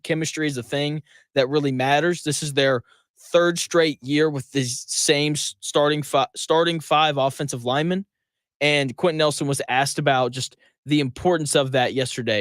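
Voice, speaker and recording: A man hosting a sports talk radio show, delivering an emphatic, conversational monologue full of quick asides. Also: a little high, a bit bright, dry recording.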